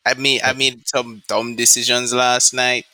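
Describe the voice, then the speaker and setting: A young man hosting a podcast, worn out from a sleepless night and talking in a loose, easygoing way. His voice is bright and a little tense, and it sits at an ordinary pitch. The sound is dry and close to the mic. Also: flat delivery, a little slow, no room sound. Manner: tired, easygoing, says bro a lot. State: exhausted after no sleep. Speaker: podcast host. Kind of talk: casual chat.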